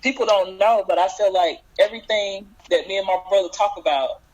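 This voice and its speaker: A man's voice: high-pitched, a little fast, low-quality recording. A man co-hosting a podcast, talking casually and giving earnest, preachy advice to listeners. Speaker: podcast co-host.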